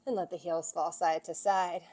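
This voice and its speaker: A young yoga and fitness instructor leads a yoga and strength workout, cueing moves and counting reps encouragingly, sometimes out of breath. Her voice is on the low side and dark, with a steady tone at a normal speed.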